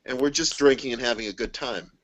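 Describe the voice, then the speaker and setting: A man telling a story in a casual group video call, animated and laughing often as he acts out the people in it. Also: mid-range voice, fast, poor audio. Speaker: guest.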